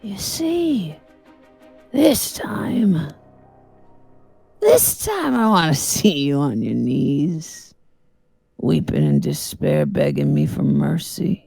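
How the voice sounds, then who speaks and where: A vengeful male ex-con snarls threats and taunts, played by a woman reading game dialogue. The voice sits low with a gravelly fry, and the delivery is slow, with wide swings in pitch. Faint music plays underneath. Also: very animated, mellow, no echo, full character voice. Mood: snarling. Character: vengeful male ex-convict, bitter and menacing.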